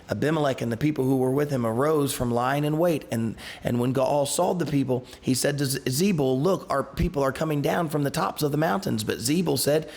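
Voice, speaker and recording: A man's voice: medium pitch, creaky, a little mellow. A man who is a pastor leads a Bible study. He reads scripture aloud and then retells it in a loose, everyday way, with restarts and asides.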